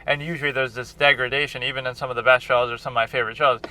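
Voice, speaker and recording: A man's voice: medium pitch, fairly even intonation, racing, pushed and bright. A man and film critic chatting in a rambling, casual vlog, often restarting his sentences, recorded on a handheld recorder outdoors. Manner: meandering, many restarts and fillers.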